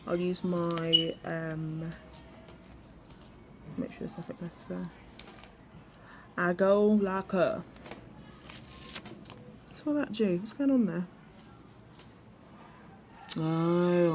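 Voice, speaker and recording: Sitting at a table outside, a woman crafts and chats casually with her audience, teasing herself along the way. Her fairly low voice draws out words and pauses often. A faint hiss or hum runs under the audio.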